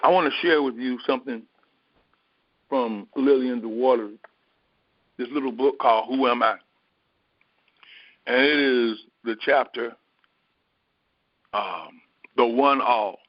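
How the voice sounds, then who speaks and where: A man giving a slow, reflective spiritual teaching, pausing often and filling gaps with small hesitations. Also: medium pitch, dry recording, highs cut off. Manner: slow, reflective, with many pauses and fillers. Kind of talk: sermon.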